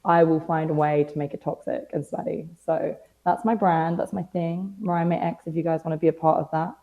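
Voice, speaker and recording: A young British woman with a low, steady voice speaks fairly quickly, with phone-quality sound. As a podcast guest in casual interview chat, she tells stories with dry, self-mocking humor and acted-out quotes.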